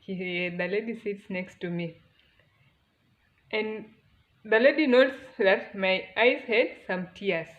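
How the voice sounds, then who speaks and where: A woman's voice: medium pitch, slow pace, long pauses, muffled recording. A woman with a Kenyan accent telling a personal story, earnest and emotional, often restarting her sentences. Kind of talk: casual storytelling.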